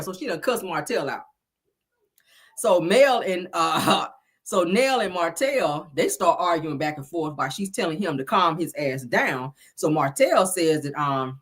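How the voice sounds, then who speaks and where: A woman's voice: on the low side, very animated, moderate pace, slightly rough. A middle-aged woman, casually recapping a reality show, sassy and chatty, a bit congested from a cold. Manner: chatty, sassy, says "child" and "y'all" a lot. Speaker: reality TV review host.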